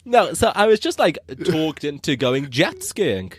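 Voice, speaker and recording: A man's voice: on the high side, huge pitch swings, a little slow, breathy edge. A man co-hosting a comedy podcast, teasing his co-host and telling anecdotes with a wry tone. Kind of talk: casual comedy chat.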